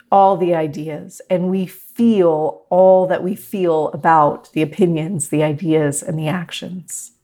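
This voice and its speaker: Soft-spoken lower-voiced woman meditation teacher. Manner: gentle, reflective, speaks to a class. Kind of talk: guided meditation talk.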